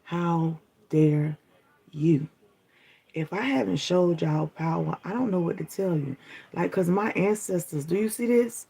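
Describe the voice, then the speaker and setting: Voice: medium pitch, animated, normal speed, gravelly, dark tone, slightly rough. A content creator delivering a defiant, taunting spiritual warning straight to the viewer, repeating "you feel me?" as they go. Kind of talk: direct-to-camera warning rant.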